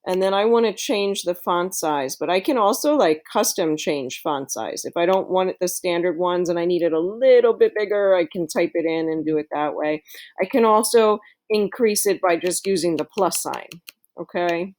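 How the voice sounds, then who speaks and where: A woman's voice: lowish voice, normal speed, darkish tone. A woman teacher giving a screen-recorded tutorial to her students in a friendly, chatty way, with plenty of fillers.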